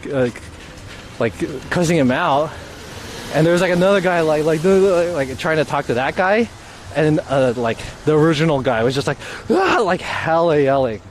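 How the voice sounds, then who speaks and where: A man live-streaming outdoors in light rain, telling a story in a rambling, cursing way full of "like". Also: a little high. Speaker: IRL streamer. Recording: street noise behind.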